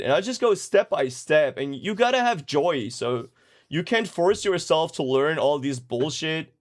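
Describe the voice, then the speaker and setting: A man's voice: a little high, expressive, moderate pace. Laid-back profane male mix engineer. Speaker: music producer and mix engineer. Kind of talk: casual livestream Q&A.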